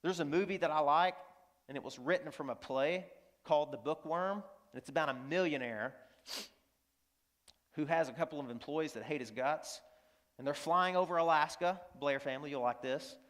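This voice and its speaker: A man's voice: a little high, moderate pace, fairly bright tone. A male pastor preaching a sermon in a school auditorium, earnest and emphatic, repeating lines and asking the audience questions. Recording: long hall reverb from the auditorium.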